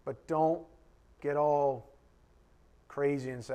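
A man preaching a conversational sermon to a Bible class. He talks directly to his listeners and swings between loud emphasis and quiet asides. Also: mid-range voice, steady tone, normal speed, long pauses. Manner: emphatic and direct, addressing the congregation.

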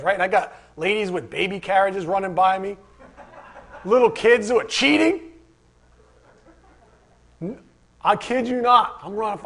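A pastor preaching a sermon, mixing Scripture with animated personal stories and rhetorical questions. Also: male voice, high-pitched, normal speed, long pauses. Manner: animated storytelling with acted asides and rhetorical questions.

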